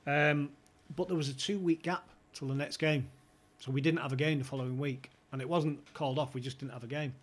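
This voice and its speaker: Male podcast guest, husky, a loose storyteller who swears and imitates the people he quotes. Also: on the high side, steady tone, brisk, hardly any pauses. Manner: chatty, swears freely, acts out quoted phone calls. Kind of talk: anecdotal storytelling.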